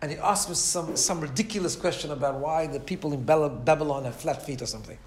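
A man's voice: on the high side, quick pace, darkish tone, echoey room, slight background noise. A man teaching a Torah class in a conversational way, often asking "right?" and acting out the voices in his stories. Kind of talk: Torah lecture.

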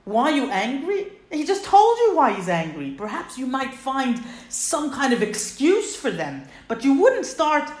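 A woman's voice: high voice, huge pitch swings, unhurried, few pauses, a little mellow. Woman teaching Torah verses in an echoey room. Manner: earnest, explains verses with Hebrew quotes and translations. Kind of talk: text study lesson.

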